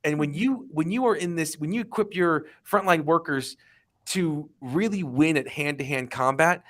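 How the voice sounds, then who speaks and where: A man's voice: on the high side, moderate pace, fairly bright tone. A man speaking on an industry panel, emphatic and driving his points home with vivid analogies. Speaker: panelist, restaurant tech executive. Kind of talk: panel discussion.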